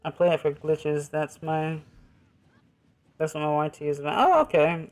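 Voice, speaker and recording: A man's voice: a little high, normal speed, long pauses, darkish tone, soft background music. A man streaming a game, chatting with his viewers in an easygoing, rambling way. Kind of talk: casual live-stream chat while gaming.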